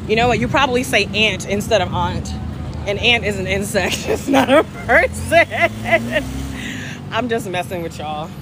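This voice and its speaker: A middle-aged Southern US woman, a travel vlogger, walks along a city street with traffic and chats casually with her livestream viewers, joking and answering their comments. Her mid-range voice is animated and moderately paced, captured on a phone held at arm's length against a noisy background.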